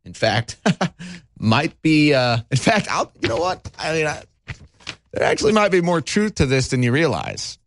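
A man hosting a talk radio show, mocking and sarcastic with dramatic pauses. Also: on the high side, sing-song, no echo. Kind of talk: talk radio monologue and call-in.

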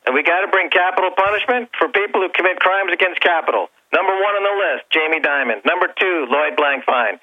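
A man's voice: high-pitched, fast talker, hardly any pauses. Bombastic man on a muffled phone line. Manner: fiery, bombastic, provocative. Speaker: guest financial commentator. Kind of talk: call-in talk show guest. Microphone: telephone.

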